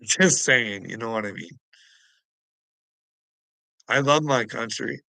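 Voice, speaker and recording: A man's voice: mid-range voice, takes it slowly, gravelly, bright, forceful tone, dry recording, low-quality recording. A Canadian man on a casual livestream, taunting his viewers by name and laughing often between phrases. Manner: addresses chatters by name, mocking.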